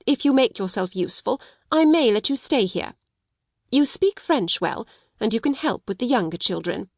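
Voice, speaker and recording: A woman narrator voicing a harsh, domineering middle-aged schoolmistress with a sharp, cold, scolding manner. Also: fairly high pitch, expressive, moderate pace, creaky, no echo, clean studio sound.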